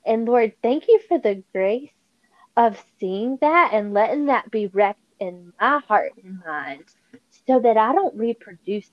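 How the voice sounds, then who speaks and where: Slow-talking, lo-fi woman telling stories. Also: fairly high pitch, dry recording. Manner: animated storytelling with quoted voices. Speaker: podcast guest. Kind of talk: casual faith conversation.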